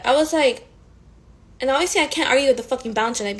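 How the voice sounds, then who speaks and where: A woman's voice: sits high, fairly quick, rough recording. Profane, chatty young woman telling a story. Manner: profane, animated, frequent fillers. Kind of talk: casual storytime vlog.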